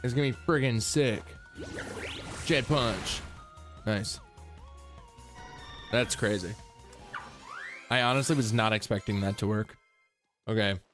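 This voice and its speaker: A young man streaming a game, chatting casually and jokily, now and then yelping high or humming silly tunes. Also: slow pace, pauses often. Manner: laid-back, jokey, breaks into high yelps and silly humming. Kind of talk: casual gameplay commentary. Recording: faint music in the background.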